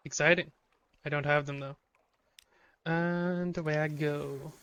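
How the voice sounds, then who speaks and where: Bright, clear-voiced man streaming a game. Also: on the high side, steady tone, measured pace. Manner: reads game text aloud, swears when startled. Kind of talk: live game commentary.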